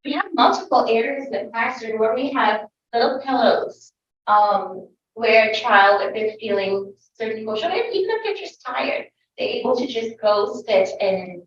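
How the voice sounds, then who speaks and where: A woman's voice: fairly high pitch, moderate pace. A woman toddler teacher on a panel, giving firm, direct advice and repeating her points. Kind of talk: panel discussion answers. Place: school event room. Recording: echoey room from far off, dull lo-fi, faint hiss.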